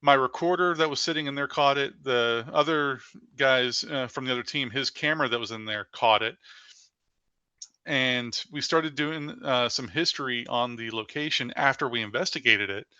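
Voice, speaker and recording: A man with a forceful, bright edge to his voice tells stories as a podcast guest. He talks in an animated way and leans on "like" as he goes. The sound is dry and close, with no room around it. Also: medium pitch, normal speed, clean tone, dry recording, dull audio. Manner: animated storyteller with frequent "like" fillers. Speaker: paranormal investigator guest. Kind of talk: casual storytelling in a podcast interview.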